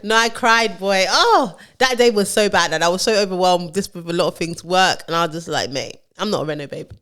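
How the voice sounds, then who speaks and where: A woman with a lowish voice co-hosts a podcast, talking fairly quickly in casual chat. She tells stories animatedly and acts out what other people said.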